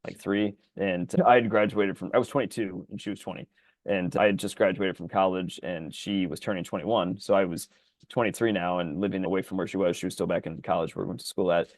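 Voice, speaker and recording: A man co-hosting a podcast in casual chat, rambling and animated, his voice jumping high when he gets excited. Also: a little fast, dry recording. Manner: rambling, animated storyteller full of fillers. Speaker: podcast co-host.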